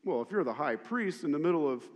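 A man's voice: a little high, lively intonation, quick pace. A male pastor preaching a sermon, telling the story animatedly with lots of repetition. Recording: long hall reverb.

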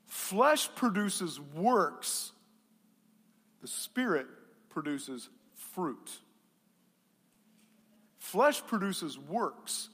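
A middle-aged male pastor preaching a sermon, telling a personal story in an animated way, with quiet asides that build to shouts. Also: high-pitched, drawn-out words, long pauses, slightly rough. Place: church sanctuary. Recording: long hall reverb.

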